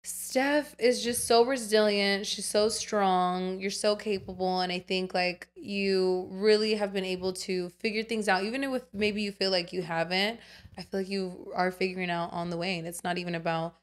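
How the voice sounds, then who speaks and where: Young woman co-host, mid-pitched, casual. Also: fairly even intonation. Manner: reacts with quick exclamations, swears casually. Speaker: podcast co-host. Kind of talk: casual chat.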